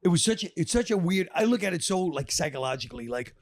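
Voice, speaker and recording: A man's voice: high-pitched, animated, fast talker, no room sound. A man on a podcast, chatting casually and telling rambling stories, acting out the quotes. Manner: rambling storyteller, acts out quotes. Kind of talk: casual chat.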